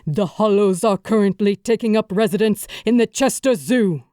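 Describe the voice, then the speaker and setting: A woman's voice: medium pitch, normal speed, dark tone, clear, resonant tone, no room sound, clean studio sound, close to an everyday voice. A woman reading an audiobook, voicing a grieving male warrior king giving an urgent, rallying speech to his army. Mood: urgent briefing.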